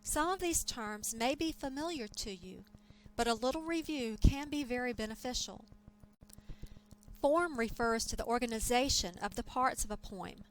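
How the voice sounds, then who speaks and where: A woman teaching a lecture, explaining terms in a clear, measured way. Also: on the high side, animated, rough recording. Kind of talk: scripted lecture.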